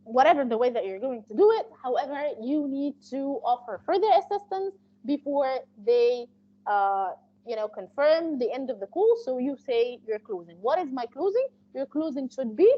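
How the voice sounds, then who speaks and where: A high-pitched woman giving a live training lecture, her tone dark and mellow. She explains at length and keeps restarting her sentences with fillers. The sound is dull and lo-fi. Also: expressive, normal speed. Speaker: interpreting instructor.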